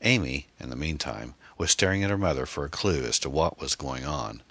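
A man reading a novel aloud as an audiobook narrator in a steady, even-paced way. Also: very deep voice, fairly quick, gravelly, no echo.

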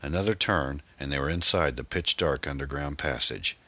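A man narrating an action story in a brisk, dramatic audiobook style and voicing the male lead. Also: a bass voice, bright, forceful tone, no room sound. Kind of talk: audiobook narration with character voices.

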